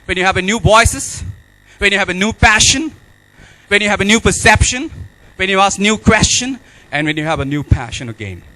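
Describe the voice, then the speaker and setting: A man's voice: high-pitched, expressive, normal speed, bright, forceful tone, no room sound, rough recording. A man giving a motivational speech, emphatic and repeating key phrases. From India. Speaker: speaker at an awards event.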